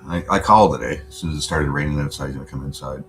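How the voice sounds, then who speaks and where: A very deep-voiced man talks on his home livestream in a loose, rambling way, with swear words dropped all through. Under his voice runs a faint steady hum. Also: racing. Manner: laid-back, rambling, swears a lot. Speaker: livestream host. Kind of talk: casual chat.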